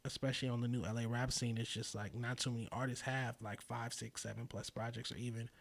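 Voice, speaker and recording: A man, a podcast guest talking in a casual, thoughtful way with many pauses and fillers. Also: medium pitch, little pitch movement, gravelly. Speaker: podcast guest, magazine founder. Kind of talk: casual interview chat.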